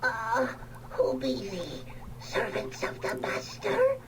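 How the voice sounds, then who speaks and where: A dying old servant trapped in a jar, pleads in an old-fashioned way. The voice is high and swoops wildly while the words come slowly. Loud game noise hangs over the faint, distant sound. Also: female voice, huge pitch swings, heavily acted. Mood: confused. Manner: archaic, pleading speech.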